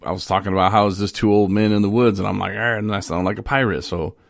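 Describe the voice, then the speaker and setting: A low-pitched man with a gravelly, creaky voice, chatting loosely on a podcast. He jokes and rambles, trailing off and restarting his thoughts. His voice is close and dry, with no room sound. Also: steady tone, fast talker, no echo. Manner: joking, rambling, self-interrupting. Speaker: podcast co-host. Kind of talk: casual podcast chat.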